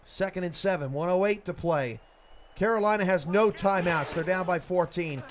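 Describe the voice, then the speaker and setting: Excitable higher-voiced play-by-play man. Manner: rapid play calls, rising to shouts on big plays. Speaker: play-by-play commentator. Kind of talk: esports football commentary.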